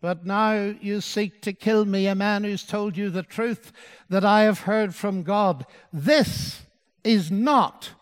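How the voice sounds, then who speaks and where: High-voiced man preaching in a reverberant hall. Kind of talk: sermon.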